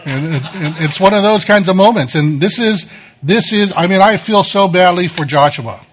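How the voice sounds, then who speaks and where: A man's voice: sits high, moderate pace, slight background noise. A middle-aged male pastor giving a sermon, telling self-deprecating stories in a conversational way.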